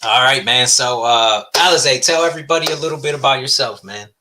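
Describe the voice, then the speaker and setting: A man's voice: medium pitch, a little fast, sharp tone, a little hiss or hum. A middle-aged man hosting a podcast, chatting casually in a laid-back, profane way and telling stories. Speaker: podcast host.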